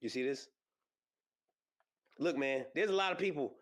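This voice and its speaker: A man hosting a podcast, chatting casually and rambling with lots of fillers and excited exclamations. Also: medium pitch, moderate pace. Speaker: podcast host. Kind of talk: casual solo podcast chat about combat sports. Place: podcast studio.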